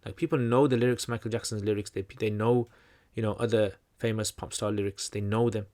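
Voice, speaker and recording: With a steady, darkish tone and a slightly fast pace, a man with a fairly low voice hosts a livestream Q&A and answers questions for his channel. His lengthy, chatty teaching keeps circling back, with restarted sentences and frequent fillers.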